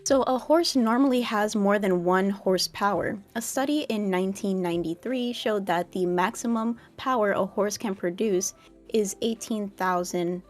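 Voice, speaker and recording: A woman's voice: mid-range voice, moderate pace. A young woman with a mid-range voice reads fun facts aloud as a podcast co-host. She sounds wry and playful throughout. Faint music plays underneath. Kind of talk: casual podcast chat.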